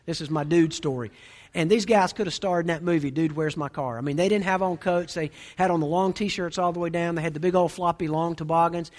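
A quick-talking pastor in his forties delivers a sermon with a fairly high, bright-toned voice. He tells a funny story with animated, lively storytelling, moving briskly from line to line. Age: 40s.

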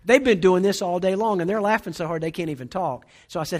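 A man in his forties, a pastor preaching a sermon, telling a humorous story in an animated way. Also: sits high, fast talker, few pauses. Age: 40s.

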